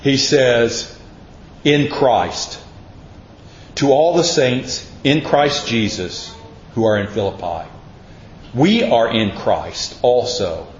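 A man preaching a sermon in an earnest, emphatic way, with a pastor's steady build and repetition. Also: mid-range voice, slow pace, pauses often, a little hiss or hum. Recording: echoey, dull lo-fi church recording.

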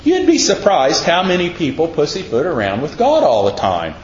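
A male preacher delivers a folksy, conversational sermon in a slightly high voice, slipping into the voices of the people he quotes. The sound is roomy and a little dull, with faint ambience behind him. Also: wildly swooping pitch, moderate pace, a little hiss or hum.

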